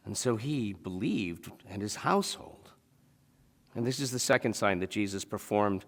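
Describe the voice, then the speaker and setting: A pastor delivers a sermon in a church sanctuary, speaking conversationally and putting rhetorical questions to the congregation. His voice is on the low side and gravelly, echoing in a large hall.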